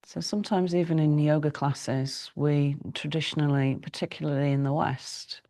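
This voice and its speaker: A middle-aged woman teaching a yoga class, giving slow, calm breathing cues with long pauses. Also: deep voice. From United Kingdom. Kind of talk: guided yoga class instruction.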